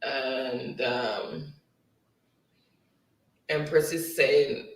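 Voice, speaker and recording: A man with a mid-range voice speaks very slowly while hosting a casual, chatty spelling quiz on a livestream. He reads viewers' comments aloud and laughs often, and the recording sounds echoey, with the mic far away.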